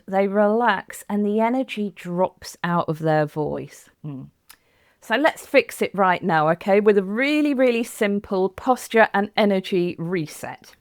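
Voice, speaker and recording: A woman's voice: mid-range voice, darkish tone, clean tone, no echo, clean studio sound. A woman voice coach talking a listener through a breathing and posture routine, guiding step by step in an encouraging way. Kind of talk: instructional talk to camera.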